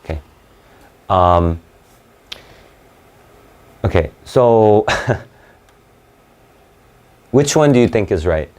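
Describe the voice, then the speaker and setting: A man's voice: fairly low pitch, animated, very slow, pauses often, darkish tone. A man teaching an SAT class, explaining in bursts and checking in with "right?" and "okay?". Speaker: SAT tutor. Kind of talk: live online class lecture.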